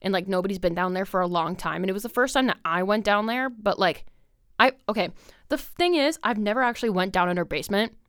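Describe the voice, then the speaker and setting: A young woman with a mid-range, fairly bright voice talks at a quick pace, hosting a podcast and rambling through a long story full of "like" and swearing. The tone is clean, with no room sound and clean studio sound.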